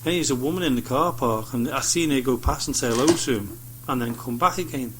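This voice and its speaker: On a casual radio chat show, a male studio guest with a mid-range voice tells rambling stories at a fairly quick clip, acting out the voices of people he met. There's some background noise.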